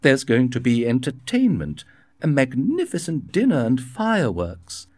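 A man reading a storybook voices a worried wealthy nobleman, speaking higher and fretfully. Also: huge pitch swings, a little slow, darkish tone, no room sound, clean studio sound.

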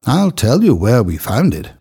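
A man voicing a stern church minister who lays out an accusation in a firm, husky voice. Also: mid-range voice, huge pitch swings, normal speed, warm tone, exaggerated voice. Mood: accusing.

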